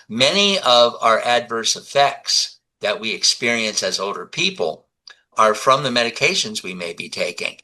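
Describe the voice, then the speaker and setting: An older man in his seventies talks as a guest in a relaxed interview. His voice is low and strikingly forceful, with a sharp edge. He tells stories with animation and acts out the dialogue. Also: low-quality recording. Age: 70s. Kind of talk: conversational interview.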